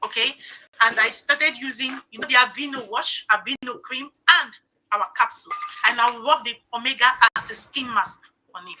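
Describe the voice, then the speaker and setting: A woman's voice: on the high side, moderate pace, pushed and bright, a little hiss or hum, low-quality recording. A middle-aged woman hosting a live stream, talking earnestly and personally and often checking in with "okay?". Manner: emotional, personal storytelling. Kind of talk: casual live-stream sales talk.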